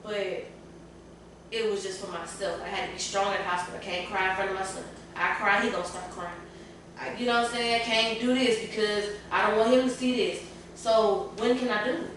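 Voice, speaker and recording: Woman guest, emotional and candid, sitting back from the mic in a roomy space with steady background noise. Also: mid-range voice, brisk. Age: adult parent. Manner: candid, tearful at times, colloquial. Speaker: podcast panel guest. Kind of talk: emotional casual panel talk. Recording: echoey room, far from the mic, clear room noise.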